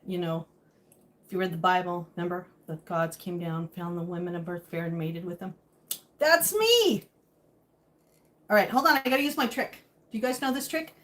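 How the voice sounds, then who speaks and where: A woman's voice: mid-range voice, a little hiss or hum. A woman hosting a live stream from her home kitchen, chatting casually and joking as she answers viewer comments while she cooks.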